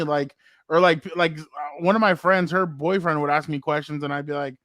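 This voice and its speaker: A man's voice: fairly high pitch, a little fast, fairly bright tone, no room sound, clean studio sound. A man co-hosting a sports podcast in casual chat, rambling with lots of fillers and acted-out quotes. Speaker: podcast co-host.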